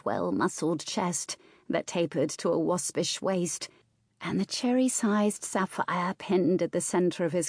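A woman reading a historical romance audiobook in a measured, expressive way. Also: fairly low pitch, no echo, clean studio sound. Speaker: audiobook narrator. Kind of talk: scripted narration.

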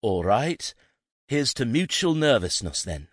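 A man's voice: mid-range voice, sing-song, a little slow, slightly rough, dry recording, clean studio sound, pitched above the performer's own voice. A man voicing a shy, nervous young man who speaks hesitantly and in a hurry.

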